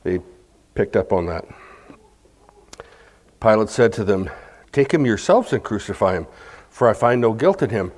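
A man's voice: on the low side, animated, moderate pace, pauses often, darkish tone. A man preaching a sermon, explaining a scripture passage verse by verse, with asides to the congregation and acted-out crowd chants. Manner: acts out crowd chants and quotes.

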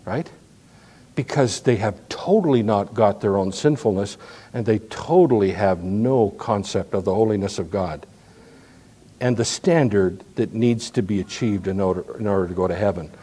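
Guy preaching a sermon, folksy and animated, keeps restarting sentences. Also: on the low side, moderate pace, slightly rough. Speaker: pastor.

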